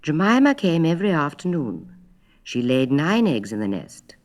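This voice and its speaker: A woman's voice: low-pitched, big pitch swings, normal speed. Poised woman narrating a storybook. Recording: old record with loud orchestral music.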